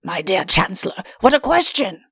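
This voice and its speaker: A smug, mischievous king who half-whispers his schemes, as a woman narrator puts him on. The voice is gravelly and hushed, recorded dry and close. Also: medium pitch, big pitch swings, moderate pace, dry recording, exaggerated voice. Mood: gleeful. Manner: hushed, conspiratorial, pleased with himself. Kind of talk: audiobook character voice.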